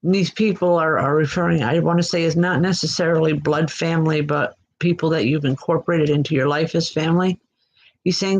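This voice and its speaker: A woman giving live online psychic readings in a gentle, reassuring way, often pausing and restarting her sentences. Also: deep voice, fairly even intonation, rough recording. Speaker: psychic medium. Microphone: computer mic.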